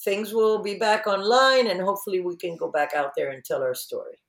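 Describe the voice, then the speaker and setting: A woman's voice: mid-range voice, brisk, roomy sound. A woman guest in an interview, chatting casually and acting out quotes as she tells stories. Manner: animated storyteller, acts out quotes.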